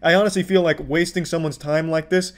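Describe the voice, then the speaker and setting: This man's fairly high voice moves briskly with fairly even intonation. As a commentary YouTuber, he mocks what he has seen with sarcastic, exasperated, profane remarks.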